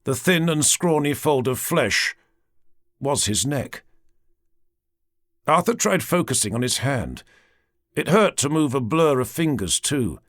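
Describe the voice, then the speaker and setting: A male audiobook narrator reads in a measured, dramatic style, his pitch rising and falling with lively range. His middle-pitched voice is recorded close in a dry studio. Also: no room sound.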